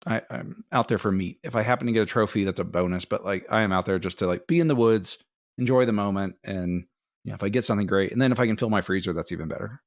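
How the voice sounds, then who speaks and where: A man's voice: fairly low pitch, fast talker, no echo, studio quality. A man co-hosting a podcast who tells a rambling, self-deprecating story in casual chat. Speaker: podcast co-host.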